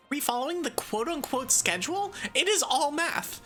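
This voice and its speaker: This is a woman VTuber chatting live with her chat in a bubbly, sarcastic, giggly way. Her voice is high, bright and forward. It swoops widely in pitch, and faint game music plays underneath. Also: animated, moderate pace. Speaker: VTuber streamer. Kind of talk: casual live-stream chat, answering chat.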